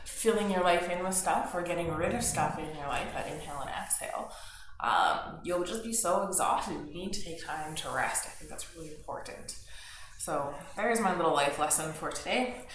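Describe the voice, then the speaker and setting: A woman guiding a gentle yoga class from her home studio, calm and soothing, with chatty asides. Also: lowish voice, normal speed. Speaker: yoga teacher. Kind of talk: guided yoga class instruction. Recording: very echoey home room with faint household noise. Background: household noise, TV news and dishwasher.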